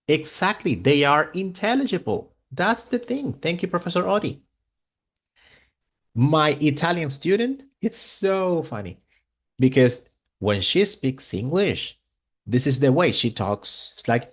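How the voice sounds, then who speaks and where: A male English teacher, a native Spanish speaker, giving an online class in an enthusiastic, expressive way. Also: fairly high pitch, measured pace.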